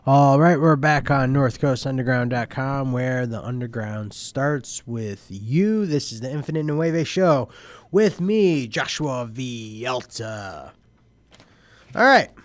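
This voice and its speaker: A young man hosts a live internet radio show in a loose, rambling way. He sounds tired and keeps yawning, and he drifts from band lists to news items at an easygoing pace with a voice of ordinary pitch. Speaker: host.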